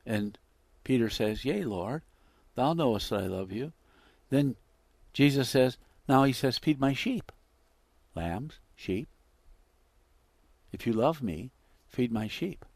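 A man preaching a sermon, acting out the quoted dialogue with big swings between loud and hushed delivery. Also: medium pitch, lively intonation, slow, pauses often, dry recording. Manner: dramatic, acts out quoted dialogue with wide swings in loudness.

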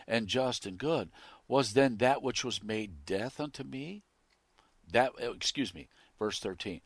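A man preaching a sermon who swings from loud, emphatic declarations to quiet asides and reads scripture with rising intensity. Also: mid-range voice, expressive, unhurried, vocal fry, husky, no echo.

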